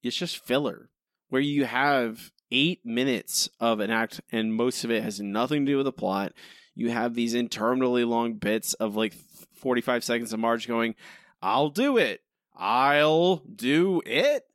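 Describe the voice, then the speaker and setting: A man's voice: mid-range voice, steady tone, moderate pace, no room sound, studio quality. A man co-hosting a podcast, rambling and exasperated, asking why again and again. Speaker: podcast co-host. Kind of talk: casual critical chat.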